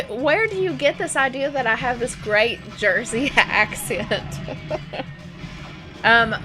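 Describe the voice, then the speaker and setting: A young woman streamer rambling through casual stories while gaming, laughing often, with game music playing behind. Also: on the low side. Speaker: live streamer. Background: video game music.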